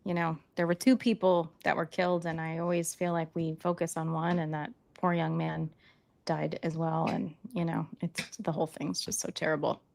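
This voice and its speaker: A woman's voice: low voice, little pitch movement, moderate pace, gravelly, a little mellow. A woman in her forties co-hosting a talk show, chatting casually and adding asides and facts. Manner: chatty, adds asides and backchannels. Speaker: podcast co-host. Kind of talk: casual chat.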